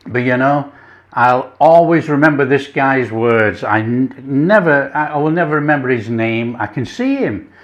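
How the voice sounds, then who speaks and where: This casual cooking vlog features an Englishman with an animated, mid-range voice tasting his creation, chuckling eagerly and making savoring sounds at a moderate pace. The audio is lo-fi.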